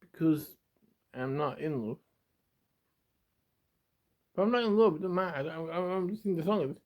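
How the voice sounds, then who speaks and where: Young male vlogger, emotional confessional, repetitive and halting, fighting tears, slightly raised pitch, muffled lo-fi sound. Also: lively intonation. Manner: rambling and repetitive, stumbling over words. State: close to tears. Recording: dull lo-fi home video.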